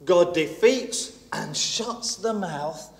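A man preaching a sermon in a conversational, animated way, acting out the lines of Bible characters as he goes. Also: sits high, drawn-out words. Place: church hall. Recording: long hall reverb.

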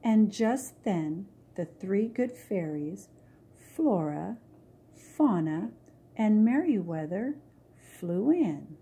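A woman reading a children's storybook aloud in a slow, lilting storytelling voice. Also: mid-range voice, animated, warm tone, slightly rough. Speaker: storybook reader.

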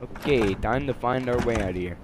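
A man's voice: medium pitch, a little fast, noisy background. A young man giving casual, jokey commentary while playing a horror game, often yelping and shrieking when scared. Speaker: let's play gamer.

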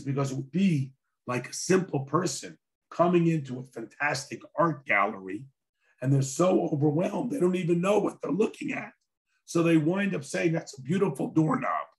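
A hoarse man who is a rabbi lectures in a relaxed, conversational way, slipping in dry jokes as he tells a story. His voice sits a little high for a man. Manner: conversational and wry, with dry humor. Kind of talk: sermon-style lecture with storytelling.

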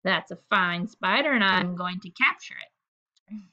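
A woman's voice: medium pitch, expressive, takes it slowly, bright, forceful tone, muffled recording, exaggerated voice. A woman doing Avery, a mischievous farm boy. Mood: eager.

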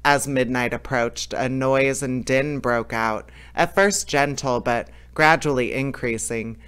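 A man reading an old fairy tale aloud in a lively way, now and then stumbling and restarting a phrase. His voice is smooth and clear, sitting at an ordinary middle pitch. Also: a little slow. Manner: lively, with small slips and restarts. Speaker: storyteller.

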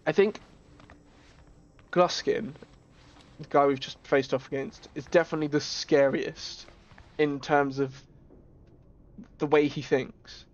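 Excitable gamer. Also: male voice, a little high, slow pace, pauses often, highs cut off. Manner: excitable, jokey, yelps and laughs. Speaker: streamer. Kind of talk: gaming commentary.

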